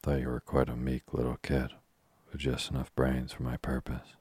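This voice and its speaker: A man reads out a bullying middle-aged businessman from a storybook with a low, gruff growl. The voice is very deep and husky. The recording is close and dry. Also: monotone, moderate pace, a little mellow, no echo.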